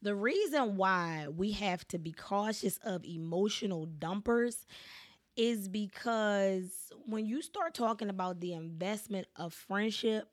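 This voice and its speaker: A woman's voice: medium pitch, slow, no room sound. A woman gives a motivational talk in an emphatic, casual voice. She builds her points by repeating phrases and checks in with the listener often. Her voice is recorded close and dry, with no room sound. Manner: casual speech with African American English features. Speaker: speaker giving life advice.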